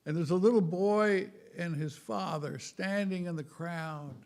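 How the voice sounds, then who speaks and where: A man giving a humorous spiritual talk in a wry, self-mocking way, halting and repeating words, with chuckles. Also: high voice, creaky, darkish tone. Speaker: spiritual speaker.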